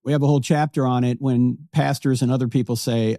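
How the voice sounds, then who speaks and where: A man's voice: mid-range voice, brisk, hardly any pauses, mellow, no echo, studio quality. A man guest author answering with wry anecdotes in an interview. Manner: wry storyteller.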